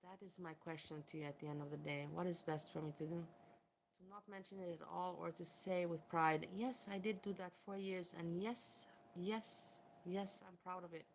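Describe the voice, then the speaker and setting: A woman's voice: fairly low pitch, fairly even intonation, normal speed. A woman vlogger talking candidly and bluntly, swearing often as she vents to viewers. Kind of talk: candid vlog rant. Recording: faint background noise.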